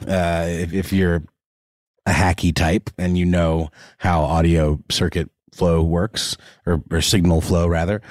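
A man co-hosting a talk show in a fairly low voice. He rambles and hedges, circling back on his words with many fillers. The sound is dry and close. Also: darkish tone, dry recording. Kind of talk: casual talk show banter.

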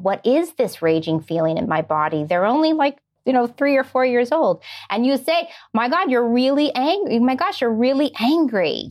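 A middle-aged woman, a screenwriter, answering interview questions in an earnest way and explaining her ideas through everyday examples. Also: lowish voice. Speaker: screenwriter guest.

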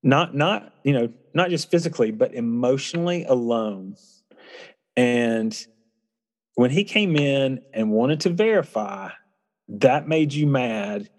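A man's voice: mid-range voice, lively intonation, takes it slowly, darkish tone. Earnest man telling a story, hall reverb. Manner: reflective, earnest, frequent restarts. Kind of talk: casual conversational storytelling.

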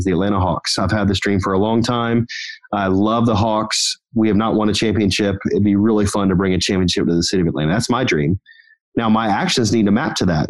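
A man, a podcast guest who runs a company, telling stories and giving earnest motivational advice in an energetic, run-on way. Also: fairly low pitch, low-quality recording. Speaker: podcast guest, business owner. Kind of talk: motivational storytelling chat.

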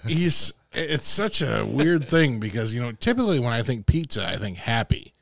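A man's voice: mid-range voice, very animated, normal speed, gravelly, no room sound, clean studio sound. A man in casual podcast banter, rambling and laughing often.

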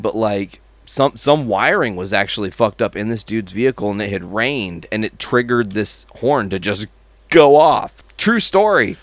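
Male podcast co-host, lively swearing storyteller, swinging pitch, dry close sound. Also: no room sound. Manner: profane, animated storyteller mimicking horn sounds. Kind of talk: casual chat.

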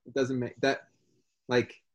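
A young man, talking haltingly with many restarts in casual podcast chat. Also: medium pitch, completely flat delivery. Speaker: podcast co-host.

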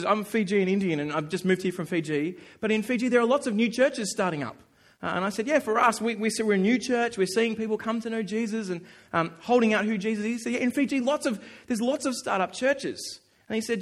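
High-voiced man preaching with animated storytelling. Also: fairly quick. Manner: animated storytelling, acting out his own inner voice; earnest and emphatic. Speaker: pastor. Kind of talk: sermon with personal anecdote.

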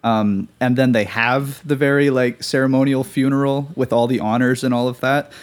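A man's voice: mid-range voice, steady tone, normal speed. A man co-hosting a podcast, talking about a film casually and enthusiastically with filler words. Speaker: podcast co-host.

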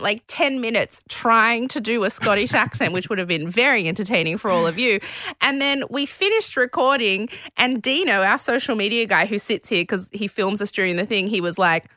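Animated woman podcast host, bright voice, dry sound. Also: medium pitch, no room sound. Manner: animated, laughing reactions. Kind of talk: casual chat.

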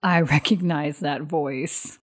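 A woman's voice: low voice, fairly even intonation, slow. A woman playing a tabletop game, playful and laughing. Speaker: player. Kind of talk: casual tabletop game play.

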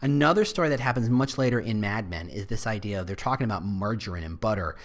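A man talking through marketing ideas in a casual, animated style, his pitch bouncing up and down freely. He corrects himself mid-sentence and drops in offhand asides. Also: quick pace. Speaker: marketing and employer-brand speaker. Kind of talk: casual explanatory talk.

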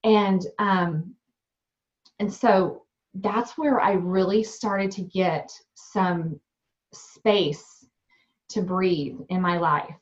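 A young woman, a restaurant owner and new mom, telling her story in an interview in a candid, animated way with many fillers. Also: medium pitch, extremely slow. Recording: dull lo-fi sound.

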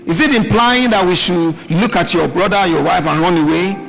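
A male pastor preaching a live midweek sermon, calling out questions for the congregation to answer and shouting key words. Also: high-pitched, moderate pace, vocal fry. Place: church hall with live congregation. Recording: live hall recording, reverb, faint music.

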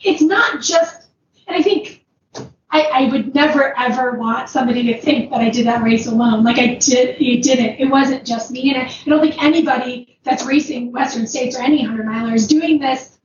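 An ultrarunner woman, appearing as a guest, talks at normal speed in a high-pitched voice, rambling casually through a long personal story with many fillers, lots of "like"s and frequent laughter. The audio comes across roomy, distant and dull against a noisy background.

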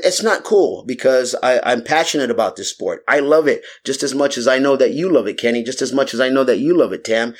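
A man co-hosting a podcast, telling a long story in casual chat with many fillers and restarts. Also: medium pitch. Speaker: podcast co-host.

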